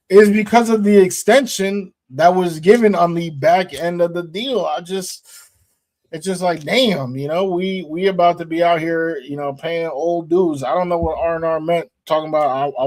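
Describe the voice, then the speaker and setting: A man co-hosting a casual sports podcast, animated and slangy, laughing often. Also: fairly high pitch. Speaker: co-host. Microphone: streamed podcast mic.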